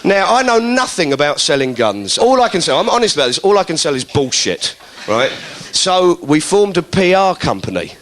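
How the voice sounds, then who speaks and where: A man's voice: on the high side, sing-song, normal speed, hardly any pauses, fairly bright tone. A man telling a stand-up story in a sardonic, conversational way. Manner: conversational, sardonic, acting out characters. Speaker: comedian. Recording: hissy live recording.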